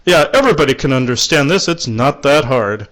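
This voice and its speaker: A man's voice: mid-range voice, normal speed, a bit bright, close to an everyday voice. A man voicing a playful male shaman spirit guide who jokes in a theatrical manner. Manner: joking, theatrical.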